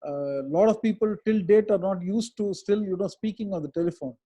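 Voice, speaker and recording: An advocate fields questions in a webinar via video call, giving careful explanations broken by hesitant pauses. He has a high, warm-toned voice.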